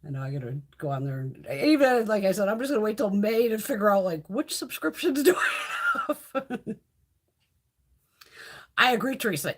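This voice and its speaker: A middle-aged beauty channel host runs a casual live stream, chatting freely, swearing a lot, and reading out viewer comments. Her voice is mid-range with a breathy edge.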